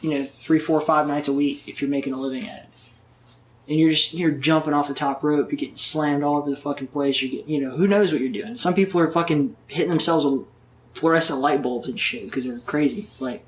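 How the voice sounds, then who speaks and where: A man's voice: a little high, a little fast. Profane, rambling man in an echoey room. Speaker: podcast guest. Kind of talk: casual interview chat.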